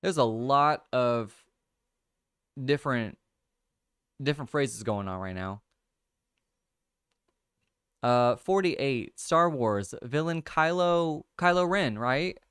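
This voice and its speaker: A young man casually hosting a livestream, thinking out loud over crossword clues, reading viewer comments and laughing often. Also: medium pitch, animated, slow, long pauses, clean tone, dry recording, studio quality. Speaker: livestream host. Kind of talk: casual chat, solving a crossword with chat.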